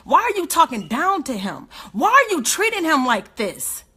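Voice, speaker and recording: Woman, high voice, emotional, indignant, livestream rant. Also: very animated, moderate pace, sharp tone. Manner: emotional, indignant, rhetorical questions. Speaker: activist speaking on a livestream.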